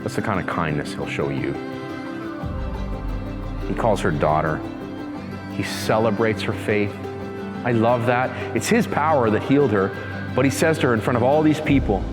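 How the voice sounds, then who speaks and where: A man's voice: lowish voice, in a large hall. A male pastor giving a conversational sermon, laughing easily and acting out the people in his story. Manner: conversational preacher, acts out voices, laughs easily.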